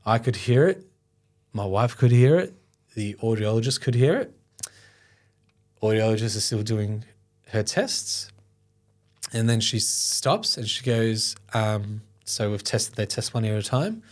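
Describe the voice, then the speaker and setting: A man's voice: fairly low pitch, animated, a little slow, pauses often. A middle-aged man, telling a personal story in an interview. He talks in a loose, conversational way with many fillers and sometimes gets choked up. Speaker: guest, foundation founder.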